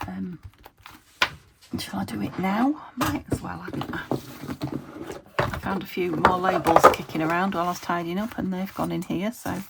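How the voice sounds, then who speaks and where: Gravelly-voiced woman chatting while crafting. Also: fairly low pitch, normal speed, very noisy. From United Kingdom. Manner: chatty and meandering, talking to herself while working. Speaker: crafting video host. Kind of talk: casual crafting chat to camera.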